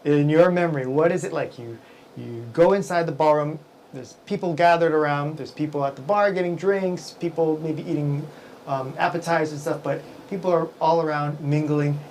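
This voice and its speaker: A man's voice: a little high, normal speed, darkish tone, a little hiss or hum, poor audio. A man hosting a casual business talk show, rambling with lots of fillers and restarts, working as an event emcee. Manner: rambling, filler-heavy, with frequent self-corrections.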